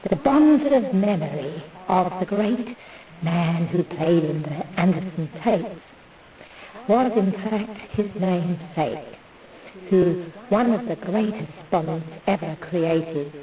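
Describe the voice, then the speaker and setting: A woman's voice: lowish voice, animated, slow pace, far from the mic, a crowd in the background, low-quality recording. A woman in a meandering, digressive monologue who loses her thread. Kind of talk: rambling monologue.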